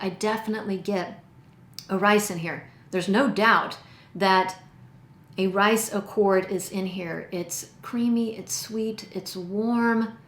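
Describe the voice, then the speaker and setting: Chatty woman reviewing perfumes, roomy sound. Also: mid-range voice. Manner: chatty and enthusiastic, stretching out descriptive words. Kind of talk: casual product review. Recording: roomy echo.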